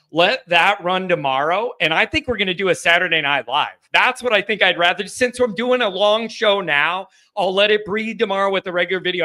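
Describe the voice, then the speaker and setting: Bright, excitable man hosting a call-in stream. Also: sits high. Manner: excitable, loose, chatty, with fillers and restarts. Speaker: host of a live postgame call-in show. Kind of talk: casual live-stream chat.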